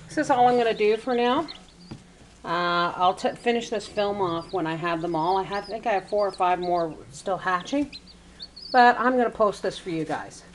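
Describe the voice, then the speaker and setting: A woman on a home vlog, cooing baby talk at newly hatched chicks between plain, unhurried remarks to her viewers. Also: medium pitch, a little hiss or hum.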